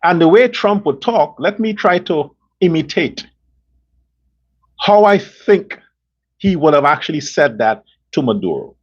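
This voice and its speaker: A man's voice: fairly high pitch, measured pace, husky, lo-fi sound. A man hosting his own show, giving blunt, opinionated political commentary and acting out imagined phone calls between leaders. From Guyana. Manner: blunt, animated, plays out imagined dialogue. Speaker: show host.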